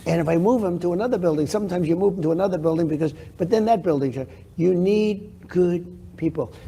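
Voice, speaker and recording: An older man gives rambling, boastful answers in a television interview, circling back to repeat his own points. His voice is gravelly and very dark, with a slightly higher pitch than most men. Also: fairly quick, slight background noise. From New York. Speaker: interview guest.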